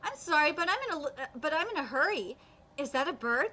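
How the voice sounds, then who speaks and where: A gentle, earnest teenage boy, read aloud by a woman. Her voice is high and bright, halting on fillers as she reads cold. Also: animated. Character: gentle teenage boy who sees spirits.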